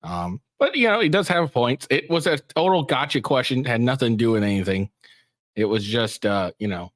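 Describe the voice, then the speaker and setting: A man's voice: mid-range voice, big pitch swings, brisk, a bit bright, no room sound, studio quality. A man doing casual, profane commentary on news clips, rambling with many fillers and restarts. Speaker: commentary streamer reacting to clips.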